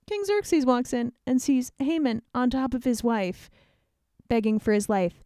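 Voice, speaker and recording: A woman with a fairly high voice retells an old story in lively, slangy, conversational podcast narration. The recording is close and dry, with no room sound. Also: normal speed, clear, resonant tone, dry recording.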